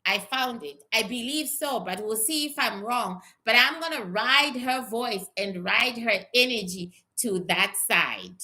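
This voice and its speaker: Slow-talking woman with a bright voice. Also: fairly high pitch, expressive. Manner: blunt and profane, drifting and repeating herself. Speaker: psychic reader. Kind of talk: casual livestream chat answering viewers.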